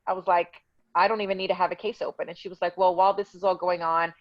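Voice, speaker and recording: A woman's voice: lowish voice, little pitch movement, quick pace, no echo, highs cut off. Indignant woman telling her story. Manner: heated, indignant retelling with quoted dialogue. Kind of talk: casual storytelling interview.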